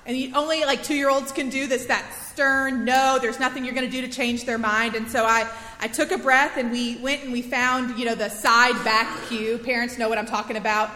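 A woman in her thirties telling a personal story as a sermon, in a chatty, animated storytelling way. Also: a little high, moderate pace, few pauses. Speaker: preacher. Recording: echoey hall with long reverb.

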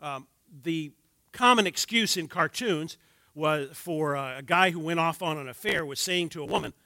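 An older man in his sixties leads a church class on marriage, working through his slides and dropping wry jokes for the room. His voice sits a little high for a man and sounds bright and forceful. The sound is close and dry. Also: no echo. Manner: wry, joking asides to the audience.

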